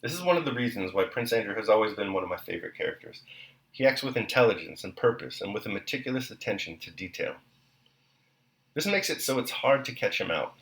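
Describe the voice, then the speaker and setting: A man reading a novel aloud and then reflecting on the chapter, in a measured, even delivery. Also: lowish voice, echoey room, low-quality recording. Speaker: reader and commentator.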